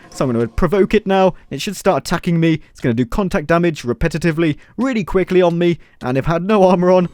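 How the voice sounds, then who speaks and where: A man's voice: fairly high pitch, darkish tone, no room sound. A man hosting a game mod showcase, commenting playfully with self-mocking jokes and asides. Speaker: gaming video host.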